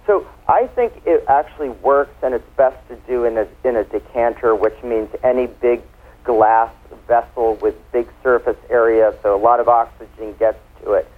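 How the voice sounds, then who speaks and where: Man, wine expert guest, playful explainer, mid pitch, phone-line sound. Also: moderate pace. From United States. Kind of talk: casual radio interview.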